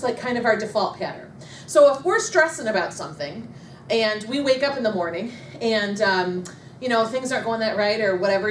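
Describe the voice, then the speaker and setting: A woman giving a talk to a live audience at a leadership meeting, self-deprecating and humorous, laughing often. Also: on the high side. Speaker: motivational speaker at a business leadership meeting. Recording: echoey room, mic far off, faint noise.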